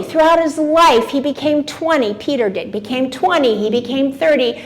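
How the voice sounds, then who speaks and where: A woman in her seventies addresses a live audience in an event room, her voice sitting a touch high for a woman. She talks in a lively, engaging way, throwing questions at the crowd and answering them herself. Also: normal speed, hardly any pauses. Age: 70s. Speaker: motivational speaker.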